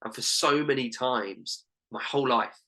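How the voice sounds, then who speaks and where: Earnest young man with a bright voice. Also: medium pitch, moderate pace, poor audio. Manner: earnest and heartfelt, with many "literally" and "like" fillers. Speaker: guest, life coach. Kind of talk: personal story in a podcast interview.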